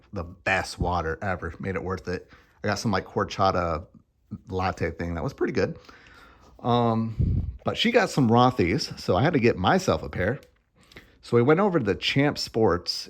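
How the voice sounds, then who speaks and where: Young man, low-pitched voice, loose rambling vlogger, jokey, casual swearing. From Arizona. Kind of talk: casual chat.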